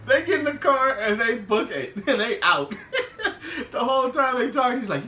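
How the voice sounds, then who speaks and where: Animated high-voiced man recapping a show. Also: fairly quick, distant mic, slight background noise. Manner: animated, laughs often, acts out quotes. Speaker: podcast host. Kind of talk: casual TV episode recap. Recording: roomy, away from the mic.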